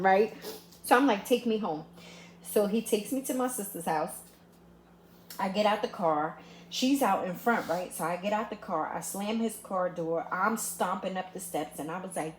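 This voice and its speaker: Animated middle-aged woman, storytelling vlog host, mid-range voice, roomy sound. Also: mid-range voice, moderate pace. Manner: animated, acts out quotes, laughs while telling. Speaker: vlogger. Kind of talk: casual storytelling chat.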